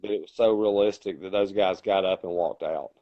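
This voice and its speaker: A man's voice: low-pitched, fairly even intonation, a little fast, dark tone, lo-fi sound. A man co-hosting a casual podcast, telling long rambling stories with colloquial grammar. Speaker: podcast co-host. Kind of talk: casual chat.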